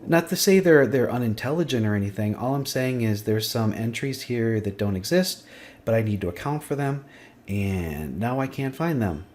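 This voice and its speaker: A man's voice: medium pitch, expressive, normal speed, a little mellow. A man teaching a screen-recorded spreadsheet lesson, thinking aloud and muttering to himself as he works. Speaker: instructor. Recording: faint clicking and typing behind.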